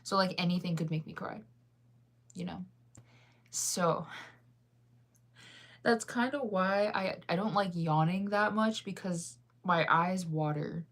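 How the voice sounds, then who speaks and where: A woman's voice: fairly low pitch, slow pace, pauses often. A sleepy, yawning woman hosting a casual livestream, chatting in a rambling, giggly way as she answers viewers' comments. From United States. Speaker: livestream host.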